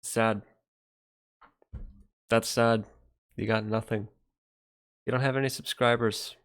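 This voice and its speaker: This young livestream host speaks in a lowish, steady voice at a slow pace, with a fairly bright, clear and resonant tone. Chatting loosely, he reads viewer comments, reacts to them as he rambles, and lets his sentences trail off.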